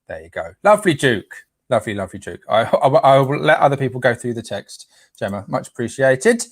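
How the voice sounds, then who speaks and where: Casting: man as a playful live stream host, mid-pitched, dry close sound, easygoing chat. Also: animated, a little fast, dry recording. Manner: playful, chatty, trips over names while reading.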